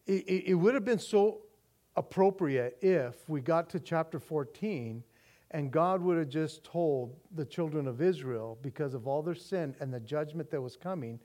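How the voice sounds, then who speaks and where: A male pastor preaching a sermon in an earnest way, often restarting and repeating words, and moving between quiet and emphatic passages. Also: fairly high pitch, normal speed.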